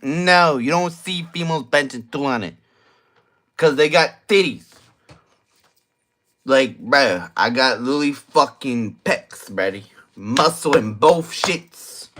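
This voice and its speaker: This young vlogger, drinking and tipsy, rambles through a late-night monologue in a slow, expressive, medium-pitched voice with some brightness. His drawl carries crude slang, argumentative jabs and plenty of repetition.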